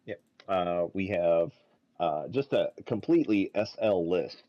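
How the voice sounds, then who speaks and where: A man with a very low voice co-commentates a tabletop game, relaxed and hesitant. His voice comes through a dry, slightly dull lo-fi voice call. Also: dry recording. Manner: laid-back, halting with many uhs. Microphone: voice call mic.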